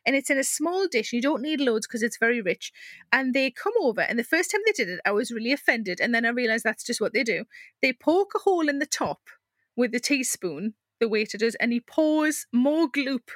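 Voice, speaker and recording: Giggly woman guest, high and bright, dry close sound, animated storyteller. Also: brisk, no room sound. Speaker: podcast guest. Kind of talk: casual chat.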